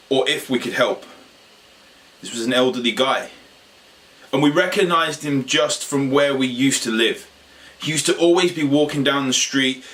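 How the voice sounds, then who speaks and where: A man, a health coach, tells a personal story to camera in a halting way, repeating phrases and pausing for drama. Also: mid-range voice, a bit bright. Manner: halting, repetitive retelling with dramatic pauses. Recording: voice a little distant from the mic.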